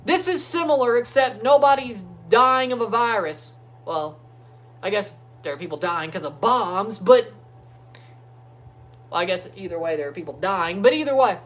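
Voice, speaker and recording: A man hosting a casual sports watchalong livestream from his phone, talking loosely and breaking into excited chants for players. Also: high voice, moderate pace. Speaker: livestream host. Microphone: phone streaming app.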